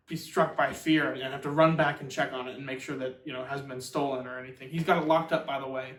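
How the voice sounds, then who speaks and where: A man's voice: a little high, fairly bright tone. A man hosting a book channel, giving a casual, rambling, filler-heavy summary of a novel. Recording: roomy echo, far from mic.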